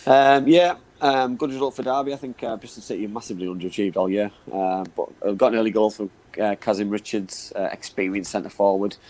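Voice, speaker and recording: A man's voice: fairly low pitch, fairly quick, hardly any pauses, darkish tone, poor audio. A man giving football analysis on a live chat show, often repeating words and saying "you know what I mean". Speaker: football pundit.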